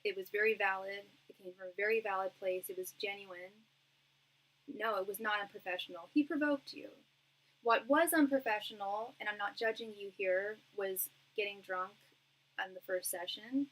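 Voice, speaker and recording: A woman's voice: mid-range voice, steady tone, normal speed, a bit bright, low-quality recording. A young woman doing a live-stream tarot reading. She talks in a chatty, reassuring way, with lots of fillers and restarts. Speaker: tarot reader.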